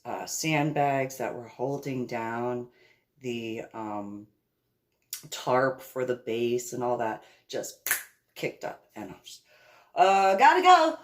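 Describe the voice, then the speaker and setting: A middle-aged woman telling a personal story in a casual way, acting out the other people's voices and laughing often. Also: low-pitched. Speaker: storyteller recounting a personal event.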